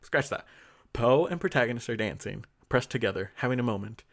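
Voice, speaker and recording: A man's voice: mid-range voice, lively intonation, brisk, a bit bright. A man co-hosting a podcast, casually recapping a story with laughter and acting out the characters' lines. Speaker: podcast co-host.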